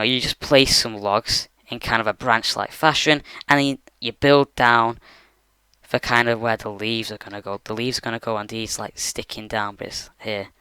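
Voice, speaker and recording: A man narrates a game-building tutorial at his bedroom desk, loose and rambling with plenty of fillers. His voice is very clean and crisp, with a bright edge. The recording is dry and close, with no room sound. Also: mid-range voice, no echo. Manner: rambling, many fillers like "you know" and "like". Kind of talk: casual screen-recorded tutorial.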